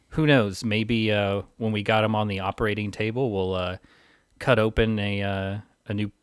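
A man co-hosting a podcast in casual chat, joking dryly and often pausing on filler words. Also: on the low side, no room sound, clean studio sound. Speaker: podcast co-host.

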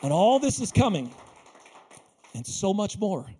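High-voiced, animated male pastor. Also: a little slow, husky. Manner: animated, jokey, acts out quotes. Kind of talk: sermon. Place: small church.

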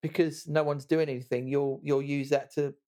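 A man's voice: on the high side, level tone, normal speed, warm tone. A man hosting a casual podcast chat, joking, laughing often and restarting his words. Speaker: podcast host.

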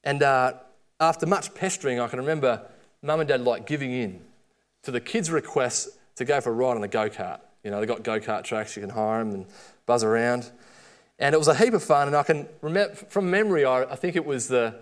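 A middle-aged man with an Australian accent preaching a sermon, with lively storytelling and quoted asides. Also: medium pitch, fairly quick.

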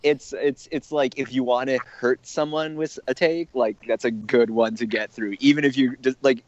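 A man co-hosting a casual film podcast chat, rambling and self-mocking, quick to agree. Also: mid-range voice, steady tone, a little mellow, highs cut off. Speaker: podcast co-host.

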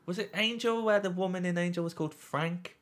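A man's voice: high voice, a little fast, fairly bright tone. A man co-hosting a podcast, rambling through anecdotes and swearing freely. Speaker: podcast co-host. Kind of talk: casual podcast chat.

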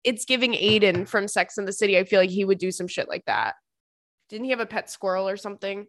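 A woman's voice: medium pitch, fast talker, dry recording, studio quality. A woman in her thirties hosting a casual show, chatting loosely and rambling as she answers listener emails, swearing freely. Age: 30s. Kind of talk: casual chat.

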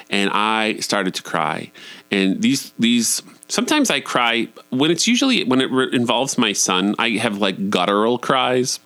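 A man's voice: mid-range voice, big pitch swings, a little slow, sharp tone, dry recording. A man in his forties telling a personal story in a candid, profane, self-deprecating way. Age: 40s. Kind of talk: personal monologue.

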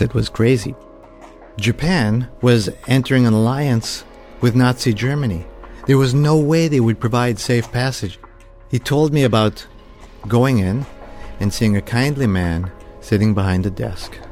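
A man's voice: mid-range voice, darkish tone. A man, a professional storyteller, narrating a personal story vividly and slipping into the voices of the people he quotes.

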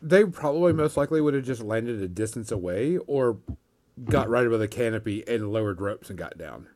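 A man narrating as game master in a tabletop role-play, relaxed, often chuckling and repeating words. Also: on the low side, fairly quick.

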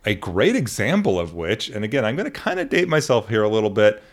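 A man's voice: on the low side, sing-song, quick pace. A man hosting a podcast, chatting casually, joking and laughing often, with frequent restarts. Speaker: podcast host. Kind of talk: casual chat.

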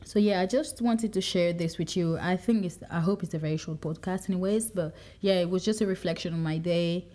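A young woman with a low, mellow voice hosts her own podcast and thinks out loud about her day. She rambles in a reflective way, circling back with fillers and restarts. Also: a little fast, hardly any pauses. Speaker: podcast host. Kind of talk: casual personal podcast monologue.

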